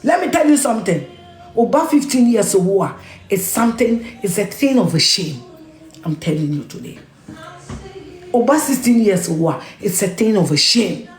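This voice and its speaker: A Ghanaian-accented media personality rants on camera in a medium-pitched, darkish, animated voice at moderate pace, in a roomy space with soft background music. Her monologue is impassioned and scolding, emphatic and repetitive, switching into Twi and Ga.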